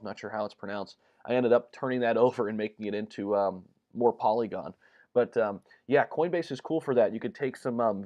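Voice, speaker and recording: A man hosting a casual livestream, chatty and upbeat, filling pauses with ums and uhs as he talks to viewers. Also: on the low side, a little mellow, dull audio. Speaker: crypto livestream host.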